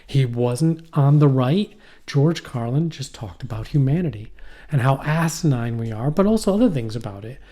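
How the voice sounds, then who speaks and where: A middle-aged man chatting on a podcast, his voice dark and mellow. He rambles, swears freely and keeps breaking off mid-thought to start again. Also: medium pitch, expressive, moderate pace. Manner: rambling, profane, trails off and restarts. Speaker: podcast co-host. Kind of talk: casual chat. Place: poorly heated shack.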